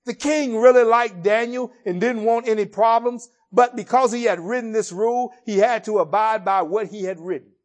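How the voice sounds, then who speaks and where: A man preaching a sermon, retelling a Bible story in an expressive storytelling way. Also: high voice, moderate pace, few pauses.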